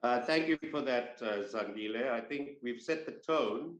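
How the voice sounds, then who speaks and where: A man hosting a panel discussion over a video call, measured in delivery and using fillers when he speaks off-script. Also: medium pitch, reverberant, muffled recording. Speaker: host. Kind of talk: formal opening remarks and panel introductions.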